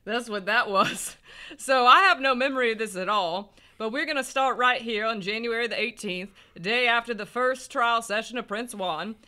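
A man's voice: extremely high pitch, normal speed, sharp tone, clear, resonant tone. A man with a Southern US accent, rambling and joking as he comments on a game he's playing. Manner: rambling, self-mocking, laughs often. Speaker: let's play co-host. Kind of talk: casual gameplay commentary.

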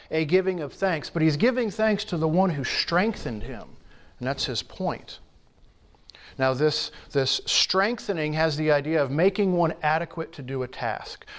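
A pastor preaching a sermon in a church, teaching in an earnest, emphatic way with measured pauses. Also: male voice, fairly high pitch.

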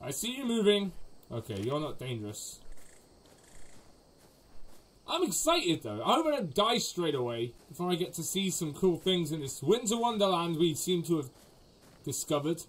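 A man hosting a gaming channel, giving let's play commentary, excitable, yelping and laughing and talking to the characters on screen. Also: on the high side, normal speed, long pauses, breathy edge, poor audio. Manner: excitable, yelps and laughs often; talks to the game characters.

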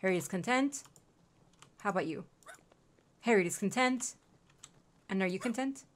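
A woman's voice: mid-range voice, expressive, normal speed, a little hiss or hum. A young woman streaming a game, chatting casually and cooing at her in-game pets. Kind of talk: casual gameplay commentary.

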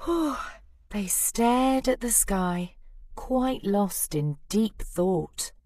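A woman reads a rhyming children's storybook aloud, unhurried and very slow, her pitch leaping up and down as she dramatizes each line. The sound is close and dry, with no room around it. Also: no room sound. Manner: lively, expressive rhyming narration. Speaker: storybook reader.

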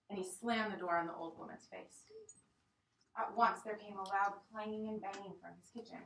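Woman teacher, expressive story reading, classroom, echoey, distant mic. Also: medium pitch, normal speed, gravelly.

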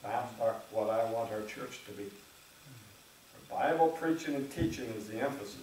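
A man preaching a sermon as pastor in a church, talking in a conversational way, often clearing his throat and acting out imagined churchgoers. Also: mid-range voice, normal speed, a little mellow, recorded from a distance, a little hiss or hum. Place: church sanctuary. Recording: very echoey church room, speaker away from the mic.

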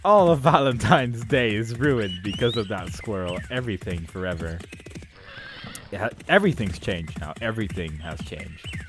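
A man's voice: lowish voice, lively intonation, moderate pace, over music. A young man doing comedic game commentary, exasperated and sarcastic, complaining melodramatically at the game. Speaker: let's play commentator.

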